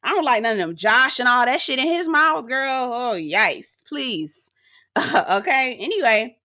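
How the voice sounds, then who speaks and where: A woman's voice: fairly high pitch, lively intonation, measured pace, sharp tone, no room sound, clean studio sound. Sassy, blunt woman recapping reality TV. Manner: sassy, blunt and profane, addressing viewers as "girl". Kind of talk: casual recap commentary.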